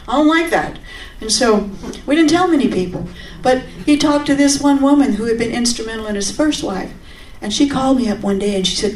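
A woman giving a personal testimony in a sermon, earnest and conversational with sudden animated outbursts. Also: on the high side, brisk, few pauses. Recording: roomy, from a distance.

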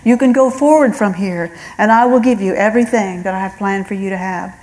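A woman's voice: medium pitch, a little fast, darkish tone, poor audio. A middle-aged woman giving an earnest spoken testimony, telling her story and acting out the voices of God and of callers. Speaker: testimony speaker.

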